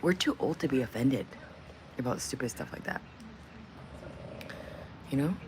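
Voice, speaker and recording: A woman's voice: a bass voice, lively intonation, measured pace, noisy background. A woman hosting a live stream in casual chat, blunt and profane, bantering with her viewers and laughing often. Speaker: livestream host.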